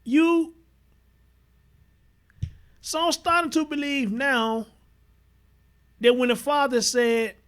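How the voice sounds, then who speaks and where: A man's voice: very high voice, fairly bright tone. Blunt profane man streaming commentary. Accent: Southern US, Houston. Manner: blunt, profane, repeats himself, reads viewer comments aloud. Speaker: livestream host. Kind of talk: casual livestream commentary.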